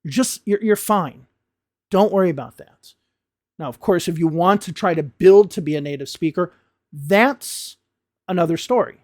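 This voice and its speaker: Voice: mid-range voice, moderate pace, a little mellow, no echo, studio quality. An American English teacher of about fifty, giving an emphatic, passionate lesson straight to camera and swearing bluntly now and then. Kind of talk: direct-to-camera lesson rant.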